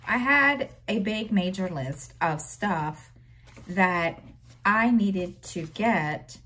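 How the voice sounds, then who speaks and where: Low-voiced, slow-talking woman vlogger. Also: a bit bright, slight background noise. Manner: rambling, halting with many fillers and restarts; exasperated storytelling with sighs. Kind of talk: casual chat.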